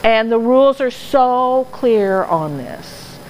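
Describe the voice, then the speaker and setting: A woman's voice: a little high, expressive, slow pace, a little mellow, a little hiss or hum, poor audio. A woman answering audience questions in casual talk, earnest and explanatory, now and then laughing at herself. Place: dog training club hall.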